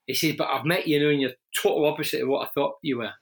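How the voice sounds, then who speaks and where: A man's voice: on the high side, racing. A middle-aged man from Scotland with a broad Glaswegian accent, telling stories candidly in an interview with frequent restarts. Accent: Glaswegian Scottish. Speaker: interview guest, former footballer and radio presenter. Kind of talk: conversational interview.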